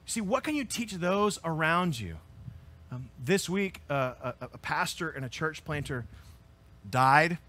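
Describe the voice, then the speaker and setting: A man preaching as pastor, earnest and emphatic, swelling to loud peaks and then dropping low and quiet. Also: animated, a little slow. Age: adult with children. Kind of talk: sermon.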